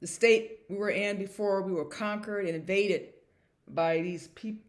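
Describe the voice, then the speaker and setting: A woman's voice: mid-range voice, steady tone, measured pace. A woman vlogger talking to camera in a casual monologue, emphatic and repetitive and chuckling at herself.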